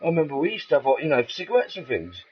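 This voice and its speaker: A man's voice: fairly high pitch, huge pitch swings, rapid-fire. A middle-aged man with an English accent, rambling in a casual, profane monologue and laughing at his own jokes. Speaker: vlogger. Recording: dull lo-fi recording.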